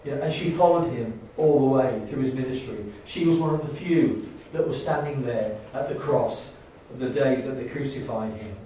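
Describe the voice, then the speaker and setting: A man preaching a sermon in a church, halting with many restarts and rising to fervent emphasis. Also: medium pitch, mellow, a little hiss or hum. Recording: echoey church hall, distant mic.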